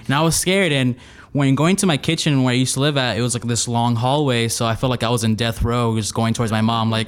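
A man's voice: mid-range voice, quick pace, smooth. A young man telling a funny personal story in a casual, rambling way, with lots of restarts. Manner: rambling, many restarts, animated retelling. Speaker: storyteller guest.

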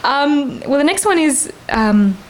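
High, giggly woman. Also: lively intonation, slow pace, a little hiss or hum, low-quality recording. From Australia. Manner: giggly, rambling, laughs often. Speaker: guest. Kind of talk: casual storytelling chat.

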